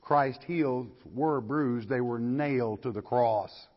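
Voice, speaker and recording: Older pastor with a folksy teaching manner, a bit husky, lo-fi hall recording. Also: male voice, mid-range voice, slow pace, hardly any pauses. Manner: folksy, questioning the listeners and reading scripture aloud. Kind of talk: verse-by-verse Bible lecture.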